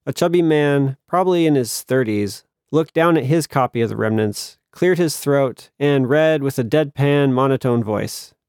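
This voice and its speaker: A man narrating an audiobook in a measured storytelling manner, lightly voicing the characters. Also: mid-range voice, a little mellow, no echo, studio quality.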